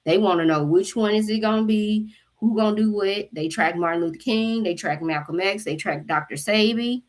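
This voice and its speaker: A woman hosting a spiritual channel, telling a story to her viewers in an animated, profane way and acting out the voices of the people in it. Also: medium pitch, moderate pace. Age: adult mother. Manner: animated, profane, acts out quotes.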